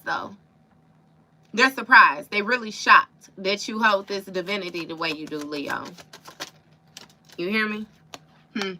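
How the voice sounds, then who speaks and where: A woman's voice: medium pitch, a little slow, long pauses, sharp tone. A woman doing a live tarot reading, talking to her viewers in a casual, emphatic, slangy way. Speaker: tarot reader.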